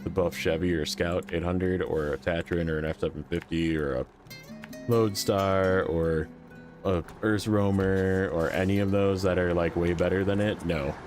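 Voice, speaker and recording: A man with a very deep voice chats casually while streaming, rambling and joking between fillers. Game music plays clearly underneath him. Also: fairly even intonation, normal speed. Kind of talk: casual gameplay chat with chat.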